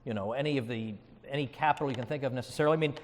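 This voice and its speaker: A man hosting and arguing in a live debate before an audience, wry, quick and argumentative. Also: medium pitch, slight background noise. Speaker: debater and podcast host. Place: event hall before an audience. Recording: long hall reverb.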